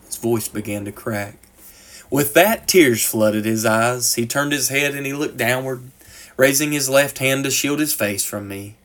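Male preacher, mid-pitched, dramatic sermon delivery, swings between loud and hushed. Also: normal speed.

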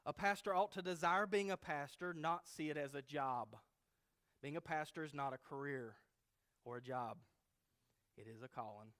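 A man's voice: fairly high pitch, moderate pace, a bit bright. A man preaching a verse-by-verse sermon who teaches emphatically and often checks in with his listeners by asking "okay?". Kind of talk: expository sermon.

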